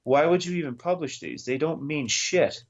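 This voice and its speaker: A man's voice: a little high, normal speed, muffled recording. A man co-hosting a podcast in casual chat, ranting and retelling a story with frequent swearing. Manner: profane, ranting, animated retelling. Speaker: podcast co-host.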